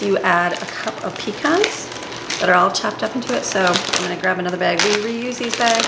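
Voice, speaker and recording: A woman talking casually while baking in her home kitchen, rambling and laughing easily as she works. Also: medium pitch. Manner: rambling, laughs often, talks while cooking. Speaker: homemaker and mom baking at home. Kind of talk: casual chatty kitchen vlog. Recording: noisy home kitchen recording.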